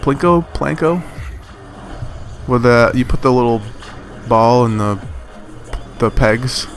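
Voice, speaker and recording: A man's voice: mid-range voice, slow pace, soft background music. A man giving casual, rambling commentary over his own gameplay footage, full of fillers and self-corrections. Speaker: gaming commentator.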